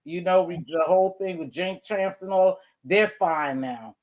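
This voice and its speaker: A woman hosting a relaxed group conversation, telling stories and acting out what people said in lively quoted voices. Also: fairly low pitch, unhurried. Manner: animated storyteller acting out quotes. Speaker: host. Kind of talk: casual chat.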